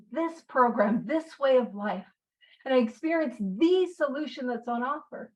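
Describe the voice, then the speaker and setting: A woman leading a group study, talking earnestly in a chatty way and often repeating her phrases. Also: high voice. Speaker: study leader. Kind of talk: casual teaching talk. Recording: distant, dull lo-fi mic.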